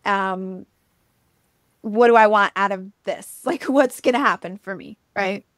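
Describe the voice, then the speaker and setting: A woman co-hosting a podcast, casually retelling a myth in a chatty, animated way, with frequent ums and likes. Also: medium pitch, unhurried, dry recording, studio quality. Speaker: podcast co-host. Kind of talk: casual storytelling chat.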